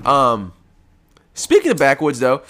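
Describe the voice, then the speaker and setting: A man's voice: mid-range voice, huge pitch swings, a little slow, bright, forceful tone. Congested man, rambling and profane. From United States. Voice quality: rambling, profane, laid-back delivery. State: congested from post-nasal drip. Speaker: podcast host. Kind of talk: casual solo podcast chat. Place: at home.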